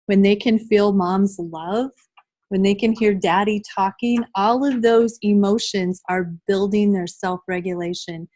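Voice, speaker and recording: A woman's voice: medium pitch, steady tone, a little slow, a little mellow, low-quality recording. Conversational woman leading a workshop. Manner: conversational, addresses the group directly. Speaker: trainer. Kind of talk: live workshop training.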